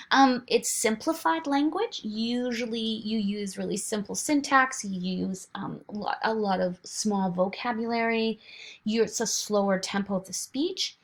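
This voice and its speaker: A woman instructor giving a recorded lecture in a chatty, animated way, now and then dropping into sing-song baby talk to demonstrate. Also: medium pitch.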